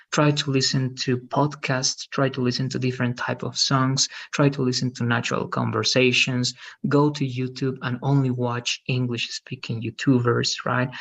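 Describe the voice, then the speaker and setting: A man's voice: mid-range voice, dull audio. A male English teacher, patiently explaining word stress in an online lesson and checking understanding often.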